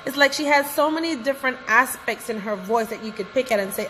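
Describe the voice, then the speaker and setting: A woman vlogger gushes effusively in music reaction commentary, repeatedly calling out to her viewers as "guys." Her fairly high, a bit bright voice moves fast with hardly any pauses, carrying a little hiss or hum. The room is reverberant, with faint music from the reacted video in the background.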